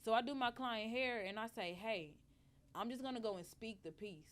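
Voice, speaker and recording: A woman telling a story in casual chat on a podcast, animated and profane, acting out the lines she quotes. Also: a little high, moderate pace. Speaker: podcast guest.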